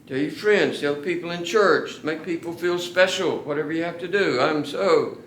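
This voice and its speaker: A man preaching a sermon to his congregation, earnest and slowing down to stress key words. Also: fairly high pitch, a bit bright, a little hiss or hum. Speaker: pastor. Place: church sanctuary. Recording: echoey church room.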